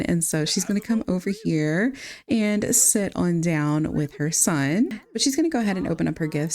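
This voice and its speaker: A woman's voice: on the low side, creaky, a little mellow. Chatty young woman narrating a game. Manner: chatty, addresses viewers directly. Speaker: gaming channel host. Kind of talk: casual let's-play narration.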